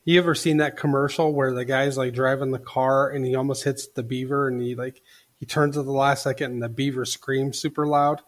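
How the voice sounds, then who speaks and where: A man's voice: medium pitch, level tone, brisk. A man appearing as a guest on a podcast, speaking in a laid-back, hesitant way with lots of fillers. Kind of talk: casual podcast chat.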